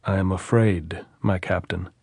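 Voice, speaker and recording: A man's voice: low voice, steady tone, measured pace, vocal fry, darkish tone, slightly rough, no room sound, studio quality, exaggerated voice. A man voicing a frightened, reluctant common soldier who answers in a subdued, dignified way, in an audiobook.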